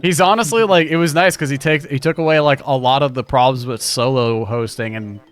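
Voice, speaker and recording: A man co-hosting a live speedrun race stream, talking casually and excitably, often trailing off and restarting sentences. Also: mid-range voice, fairly quick. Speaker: race co-host.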